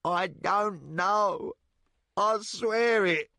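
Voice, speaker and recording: A man voicing a terrified male thief with a hoarse voice, pleading near tears in an audiobook reading. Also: fairly low pitch, slow pace, sharp tone, dry recording, clean studio sound, heavily acted. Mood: pleading, frantic.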